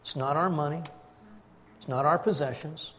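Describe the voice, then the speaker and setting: An older man, a grandfather, preaching a sermon and telling a family story with lively, acted-out quotes. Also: a little high, moderate pace, long reverb tail, a little hiss or hum. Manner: storytelling, animated, acts out quotes. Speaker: pastor.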